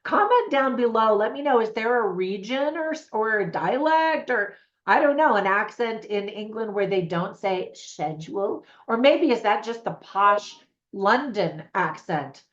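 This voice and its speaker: A woman's voice: fairly high pitch, animated, moderate pace, few pauses. Chatty American woman reviewing movies. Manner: chatty and upbeat, asks viewers questions. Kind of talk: casual vlog review. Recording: roomy echo, slightly dull sound.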